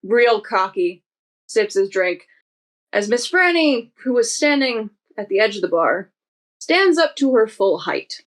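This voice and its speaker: A woman narrating a tabletop game as game master, vivid and unhurried. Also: fairly high pitch, big pitch swings, low-quality recording.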